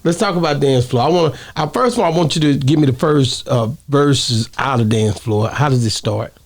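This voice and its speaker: A man hosting a casual interview, joking and asking quick questions. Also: medium pitch. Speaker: interview host.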